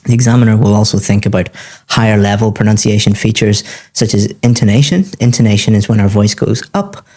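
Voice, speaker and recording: A man's voice: lowish voice, a little fast, a little mellow. A man teaching, giving a student methodical, encouraging feedback on a speaking exam.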